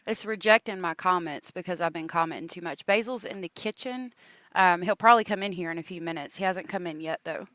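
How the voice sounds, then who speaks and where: A woman host drops casual asides to her audience between clips. Her voice sits low and sounds smooth and crisp, recorded dry and close. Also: a little fast, fairly bright tone, no room sound. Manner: brief offhand asides to listeners. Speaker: podcast host. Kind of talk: casual commentary over played audio.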